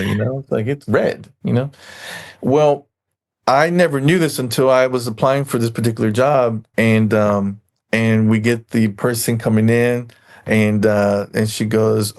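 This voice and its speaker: Male podcast guest, gravel in the voice, meandering anecdotal storyteller. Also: mid-range voice, fairly even intonation, normal speed, darkish tone. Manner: rambling storyteller, acts out quoted people. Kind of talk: casual podcast chat.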